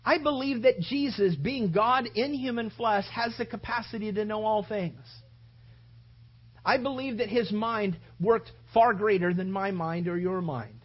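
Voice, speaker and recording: A preacher delivering an impassioned sermon full of rhetorical questions, swinging from loud appeals to hushed reflection. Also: medium pitch, a little slow, slightly rough, muffled recording.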